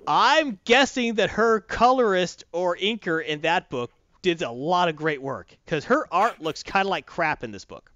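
Animated high-pitched man ranting about comics. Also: a little slow, no echo. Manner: blunt and profane, mocking, animated. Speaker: comic book reviewer. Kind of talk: casual opinionated review chat. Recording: dull dry close-mic sound.

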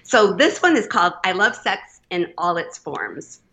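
Bright-voiced chatty woman in her fifties. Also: lowish voice, sing-song, unhurried. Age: 50s. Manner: chatty and digressive. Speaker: poet guest. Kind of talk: casual podcast chat.

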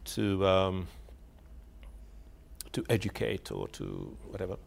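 A man's voice: low voice, very animated, takes it slowly, vocal fry, slightly rough. A man speaking in a reflective, hesitant way, often repeating words as he searches for his phrasing, and laughing wryly as he tells a story. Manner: wry, laughs while telling a story. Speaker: author interviewed on radio. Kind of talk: reflective spoken reminiscence.

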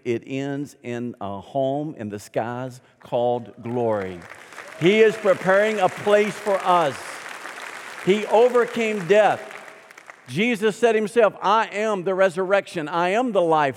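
A man with a Southern accent preaching an Easter sermon as pastor, going from hushed to loud and emphatic. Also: a little high, long reverb tail.

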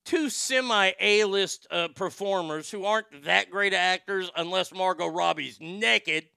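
A male host rants through profane, sarcastic commentary with plenty of heat. His voice is fairly high for a man, bright and crisp, and it sounds dry and close to the mic. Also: a little slow, few pauses, no room sound. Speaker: show host. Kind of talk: ranting commentary.

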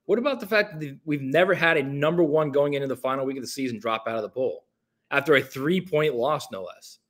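A man's voice: mid-range voice, brisk, a bit bright. A man co-hosting a casual sports debate who keeps pressing his partner with pushy, challenging questions. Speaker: co-host.

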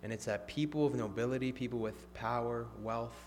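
A man preaching a sermon, swinging from emphatic, raised lines to hushed, near-whispered ones. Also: mid-range voice, brisk, slight background noise.

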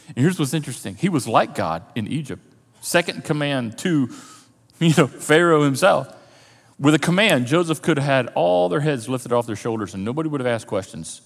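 A man preaching a sermon, telling a story with lively animation and acting out the characters' lines. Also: medium pitch, brisk, slightly rough, in a large hall. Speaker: pastor. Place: church auditorium.

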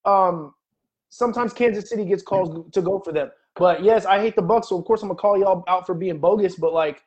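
A man's voice: high-pitched, fairly quick, a little mellow, highs cut off. A man co-hosting a casual sports podcast, arguing emphatically and swearing about referee calls. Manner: argumentative, emphatic, profane. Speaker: podcast co-host. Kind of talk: heated casual sports debate.

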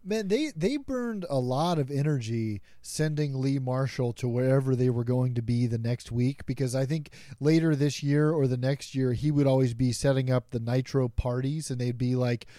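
A man's voice: mid-range voice, moderate pace, few pauses, dark tone, no echo, clean studio sound. A man co-hosting a podcast, talking casually with reflective, self-mocking remarks. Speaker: podcast co-host. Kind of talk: casual chat.

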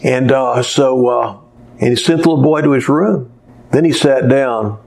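A man's voice: mid-range voice, normal speed, vocal fry, darkish tone. Rambling male preacher telling stories. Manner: rambling storyteller who loses his place and restarts. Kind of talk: sermon with storytelling.

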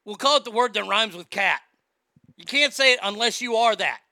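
A man's voice: high voice, brisk, creaky, sharp tone, no room sound. A man ranting in a sarcastic, indignant, profane commentary, recorded on a close mic. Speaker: social media commentator.

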